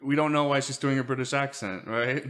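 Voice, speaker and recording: A man's voice: mid-range voice, fairly even intonation, brisk, a bit bright. A man co-hosting a podcast, giving opinionated, rambling takes on a film with lots of filler words. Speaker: podcast co-host. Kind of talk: casual movie-discussion chat.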